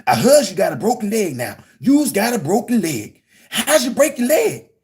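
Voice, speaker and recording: A man's voice: sits high, big pitch swings, racing, mellow, voice pushed up. A man putting on the voice of a jolly, folksy bumpkin who drawls in broken grammar and singsong phrases. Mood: jovial.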